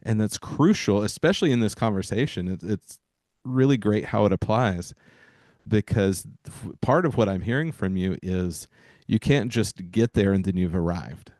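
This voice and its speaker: Low-voiced man hosting, encouraging coach tone. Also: expressive, normal speed, darkish tone, no room sound. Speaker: podcast host. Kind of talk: casual podcast conversation.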